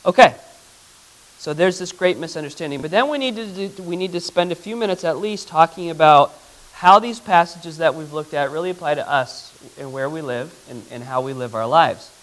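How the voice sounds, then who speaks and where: A man, a pastor, leads a Bible lesson in an easy, conversational way, often pausing to put questions to his congregation. His voice sits a touch higher than most men's. When he reads Scripture aloud, he slows right down. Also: fairly bright tone, poor audio. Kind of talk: interactive Bible teaching.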